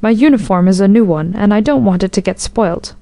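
A woman's voice: mid-range voice, brisk, creaky, dark tone, no room sound, close to an everyday voice. A woman voicing a chatty young male soldier who boasts and then grows frightened, in a storybook reading. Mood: friendly.

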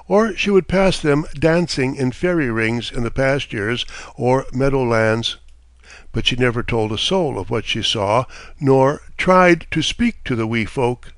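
A man's voice: mid-range voice, no room sound. Man reading a fairy tale, dry sound. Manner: measured, steady storytelling. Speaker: narrator. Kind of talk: storybook reading.

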